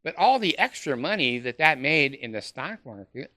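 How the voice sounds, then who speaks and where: A man talks in a sarcastic, mocking monologue, his voice very bright and edgy. He scoffs with short laughs and trips over "uh" and restarts. The sound is dry and close, with no room around it. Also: fairly high pitch, big pitch swings, normal speed, dry recording. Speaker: former church member ranting to camera.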